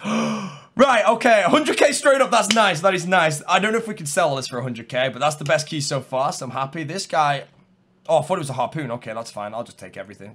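A young man giving live gameplay commentary, chatting to his viewers, calm and muttering one moment and shouting the next. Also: fairly high pitch. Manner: chatty, talks to viewers and opponents. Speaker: gaming streamer.

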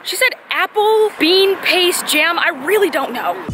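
High-voiced, chatty young woman outdoors. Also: unhurried, over music, poor audio. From California. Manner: chatty and excitable, many fillers. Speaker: travel vlogger. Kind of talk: casual vlog narration. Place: outdoors in a busy park and street. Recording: outdoor street noise behind.

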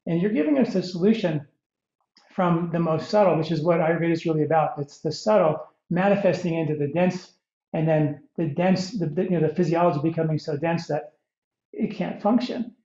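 A man hosts a podcast interview and asks his questions in a rambling way, repeating words as he feels for the phrasing. His voice is mellow and dark. The sound is roomy and a little dull. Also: a little high, fairly quick. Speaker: podcast host. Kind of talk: conversational interview.

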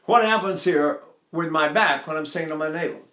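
A man's voice: a little high, brisk, sharp tone. Older man teaching voice, echoey room. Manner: rambling, digressive explanations with sung demonstrations. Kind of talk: vocal technique lesson.

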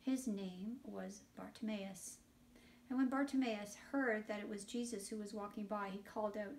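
A woman leading a children's liturgy, reading scripture aloud and explaining it to children in an animated storytelling way, sometimes dropping to a whisper. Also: mid-range voice, normal speed. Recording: voice picked up from a distance.

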